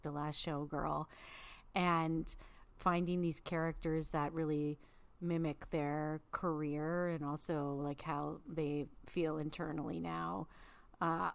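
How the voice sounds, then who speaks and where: A woman co-hosting a podcast in casual chat, animated and acting out her reactions. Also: low voice, creaky. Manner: animated, exclaims and acts out reactions. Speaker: podcast co-host.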